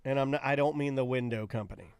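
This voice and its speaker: A man co-hosting a casual live-stream chat, telling rambling stories in an animated way. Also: medium pitch, quick pace, clean tone, no room sound. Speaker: co-host.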